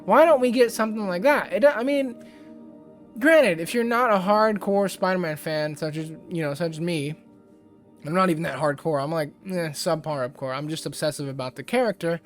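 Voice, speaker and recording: A man's voice: sits high, moderate pace, faint music behind. Rambling, exasperated young-sounding man. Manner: rambling, exasperated, many fillers. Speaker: YouTube host. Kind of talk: casual ranting commentary.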